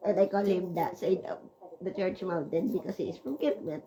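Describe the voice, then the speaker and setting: A woman's voice: lowish voice, normal speed, crowd noise, rough recording. Chatty emotional woman. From Switzerland. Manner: emotional, tearful at times, chatty with many fillers. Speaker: vlogger. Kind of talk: rambling personal vlog.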